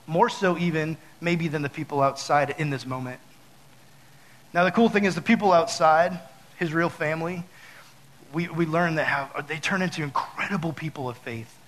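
A man with a fairly high voice gives a relaxed, chatty sermon full of fillers and asides. He acts out his own stories with loud, high bursts of mock panic. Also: moderate pace, poor audio. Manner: talks straight to the audience with many fillers. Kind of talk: casual sermon with storytelling.

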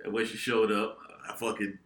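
A young man co-hosting a podcast, telling a profane, animated story among friends. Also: lowish voice, normal speed. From New England, United States. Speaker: podcast co-host. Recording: echoey room.

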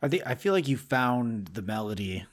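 A man co-hosting a podcast over a video call, giving dry, deadpan remarks and reading the show's sign-off. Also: mid-range voice, normal speed, a little hiss or hum. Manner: dry, deadpan humor, hesitant restarts. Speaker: podcast co-host. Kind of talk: casual chat and show sign-off.

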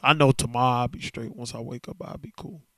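A man's voice: medium pitch, steady tone, fast, no echo, clean studio sound. Candid man talking into a podcast mic. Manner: candid, loose and conversational, slangy. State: emotional, worn down. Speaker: podcast host. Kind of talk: casual solo podcast monologue.

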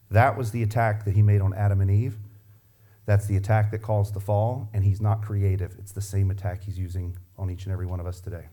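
A man's voice: on the low side, mellow. A man preaching a sermon as pastor, emphatic and driving home points with repeated rhetorical questions.

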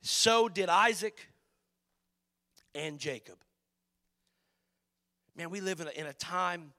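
A man preaching a sermon as pastor, passionate, swinging between loud emphatic lines and hushed ones. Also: on the high side.

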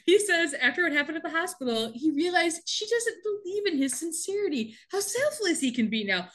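Recapping a TV episode as a podcast co-host, a woman speaks in a bright, slightly high voice in casual chat. Animated and laughing a lot, she keeps jumping into quick character impressions, acting out their lines.

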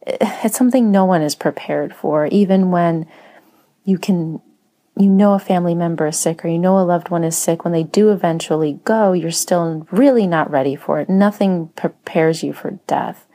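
A woman who writes and teaches writing, speaking slowly in a soft, reflective personal monologue with frequent pauses. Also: lowish voice. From Spanish-speaking home. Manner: slow, soft-spoken, pausing often.

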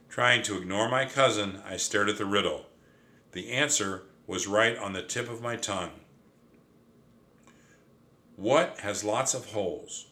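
Bright-voiced man reading a storybook. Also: on the low side, measured pace, pauses often. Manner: expressive, lively reading. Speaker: audiobook narrator. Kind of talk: storybook narration.

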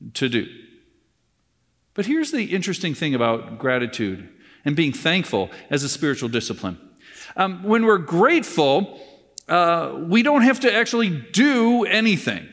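A pastor giving a conversational sermon with wry asides, repeating key lines for emphasis. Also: male voice, on the high side, fairly bright tone. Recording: long reverb from the hall.

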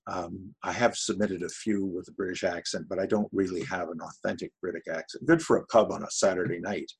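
Casting: deep, husky, gravelly man from Canada; easygoing interview guest, wry. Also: brisk, rough recording. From Canada, Ottawa area. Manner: relaxed, anecdotal, wry humor. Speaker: voice actor guest. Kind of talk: casual interview talk.

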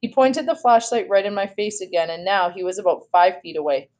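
A woman reading a children's novel aloud in a steady storytelling voice, now and then correcting herself. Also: medium pitch, a little fast. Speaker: read-aloud host.

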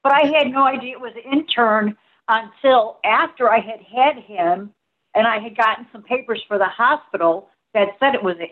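Chatty woman with muffled sound. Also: on the high side. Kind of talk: casual interview chat.

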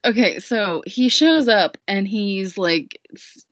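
A woman's voice: mid-range voice, animated, slow, dry recording. A woman recapping a story in a casual podcast chat, rambling and jokey with lots of fillers, in a dull lo-fi recording. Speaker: guest recapping a musical.

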